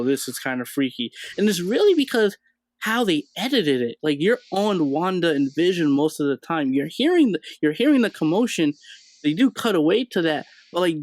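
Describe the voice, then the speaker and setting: A man's voice: fairly high pitch, no echo. A man hosting a casual chat about a streaming show, talking in an easygoing way and thinking aloud with plenty of fillers. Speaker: channel host. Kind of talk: casual pop-culture chat.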